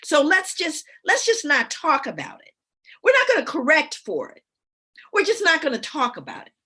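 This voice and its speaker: A middle-aged woman speaker and educator in lively conversational talk, telling stories with frequent laughter and reading aloud from books with emphasis. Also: high voice, moderate pace. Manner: animated storyteller who laughs often.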